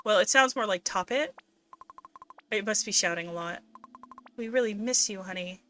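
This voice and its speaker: A woman voicing a warm, doting middle-aged mother who fusses affectionately over her child. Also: mid-range voice, moderate pace, soft background music, close to an everyday voice. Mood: fond. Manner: sweet, fussing, affectionate. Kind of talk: reading game dialogue aloud on a stream.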